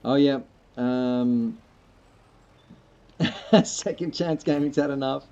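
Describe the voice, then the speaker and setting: Gravelly, mellow-voiced man streaming. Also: medium pitch, takes it slowly. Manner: laid-back, rambling, joking. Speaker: livestreamer playing a farming game. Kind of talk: casual gameplay chat with viewers. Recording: slightly muffled lo-fi mic.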